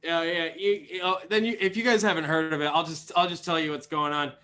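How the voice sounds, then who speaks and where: Rambling young game master, slightly high. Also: male voice, steady tone, fast talker, bright, forceful tone. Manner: rambling, many fillers and restarts. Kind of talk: narrating a tabletop game.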